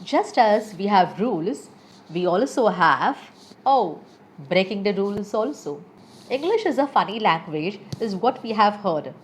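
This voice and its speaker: Brief: woman English teacher, slow careful delivery, animated intonation, faint hiss behind. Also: medium pitch. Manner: reads word lists aloud with exaggerated stress. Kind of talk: slow, deliberate pronunciation lesson.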